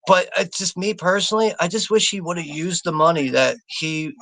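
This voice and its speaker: Gravelly, bright-voiced swearing American man. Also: high voice, moderate pace, no room sound. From United States. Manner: profane, laughing, rambling. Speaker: watch party host. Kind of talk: live movie commentary reading chat.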